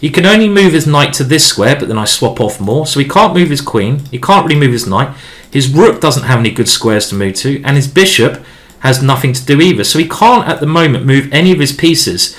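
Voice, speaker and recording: A man's voice: mid-range voice, lively intonation, brisk, fairly bright tone. A man streaming a chess game live. He thinks aloud in a chatty, rambling way with many restarts as he explains his moves.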